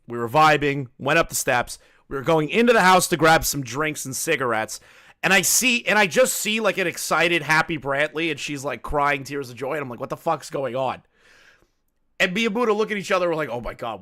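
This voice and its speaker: A man's voice: on the high side, pushed and bright. A man commenting casually on a clip and telling stories, loose and profane, laughing often. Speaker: commentary streamer.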